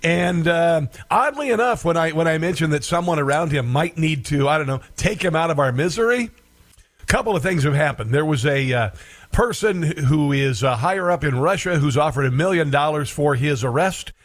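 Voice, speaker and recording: A man's voice: a little high, animated, normal speed. A man hosting a political commentary show, sarcastic and rambling, with many filler sounds.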